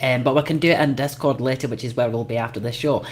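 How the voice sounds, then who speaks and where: A woman's voice: very deep voice, fairly even intonation. Brash woman hosting a livestream. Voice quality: brash, swears freely, quick laughter. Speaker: host. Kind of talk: casual livestream chat.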